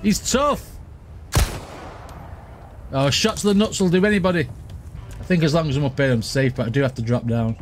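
A man giving excitable gaming commentary, shouting and laughing at the action as he plays. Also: mid-range voice, fast, a little hiss or hum. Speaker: gaming streamer.

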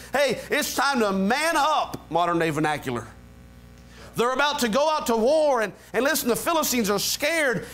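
High-voiced preaching pastor, man. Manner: preaching with rising emphatic build-ups; leads a quiet low prayer. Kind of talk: sermon. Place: church sanctuary.

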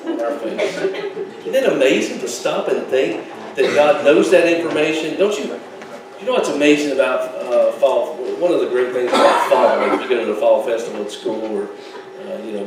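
A man's voice: mid-range voice, background noise. Man preaching a folksy sermon in an echoey church. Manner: folksy, joking asides with laughs. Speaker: pastor. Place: church sanctuary. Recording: echoey church hall, mic at a distance.

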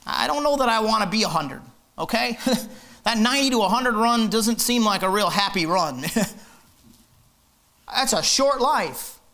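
A man's voice: sits high, expressive, a little slow, gravelly, long pauses, bright, forceful tone. A man preaching a fiery, emphatic sermon in church, hammering his points with repetition. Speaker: pastor.

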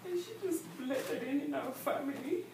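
High-voiced woman sharing a memory, echoey. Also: moderate pace, gravelly, noisy background. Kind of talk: personal remembrance. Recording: echoey, distant room recording.

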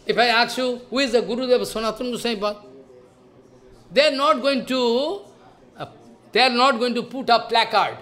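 A man's voice: extremely high pitch, fairly quick, pauses often, sharp tone. A man giving a devotional lecture as a spiritual teacher, talking emphatically, scolding, and firing off rhetorical questions.

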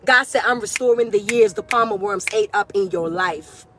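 A woman preaching a prophetic sermon outdoors, fervent and building to cries and shouts. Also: medium pitch, normal speed, noisy background. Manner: fervent, rising to cries and shouts, Southern-style preaching cadence. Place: outdoors, hot day.

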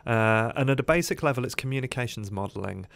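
A man's voice: mid-range voice, lively intonation, fast, gravelly, fairly bright tone, no room sound. A man, a guest on a radio interview, telling his life story in a rambling way with many fillers, recorded in a studio.

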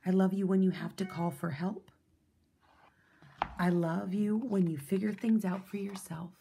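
A woman reading a children's picture book aloud in a gentle, soothing way. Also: medium pitch, steady tone, measured pace, gravelly, a little hiss or hum. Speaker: storyteller.

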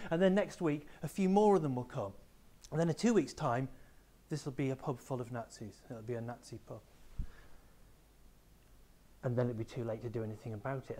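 A man delivers a school assembly talk at an ordinary, middling pitch. He explains things plainly and speaks straight to the pupils, like a teacher walking them through an idea. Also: mellow. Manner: explanatory, addresses pupils directly. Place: school room with a small live audience.

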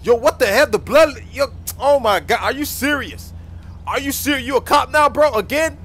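A man playing a whiny pulled-over driver, high and bright. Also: normal speed, slight background noise. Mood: indignant. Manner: pleading and complaining, calls everyone bro.

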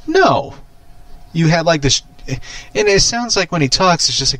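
A man vlogger with a voice on the high side rambles casually about a movie he watched, speaking at a measured pace. He's animated and profane, swearing often and laughing at his own remarks, in a dry recording.

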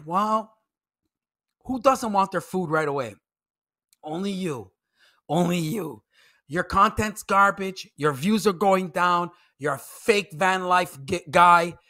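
A man's voice: high voice, pushed and bright. A man delivering a heated, mocking commentary rant, full of profanity and phrases he repeats for emphasis. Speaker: commentary YouTuber. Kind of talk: ranting commentary vlog.

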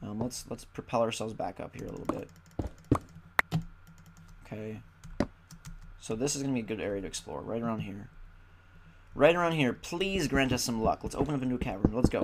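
Tired and chatty, a young gaming YouTuber grumbles at the game in casual Let's Play commentary. His mid-range voice comes fast, broken by long pauses, against loud background noise.

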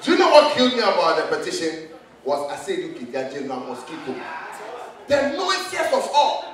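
Animated Ghanaian comedian on a distant stage. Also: male voice, a little high, fairly quick. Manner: animated, loud, jumps between voices. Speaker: stand-up comedian. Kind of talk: stand-up comedy routine. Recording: echoey club, distant mic, crowd laughter. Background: laughing audience.

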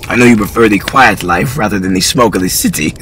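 A man's voice: fairly low pitch, fast, a bit bright, a little hiss or hum, natural voice. A man voicing a courtly older chancellor who is genial but patronizing, in a storybook reading.

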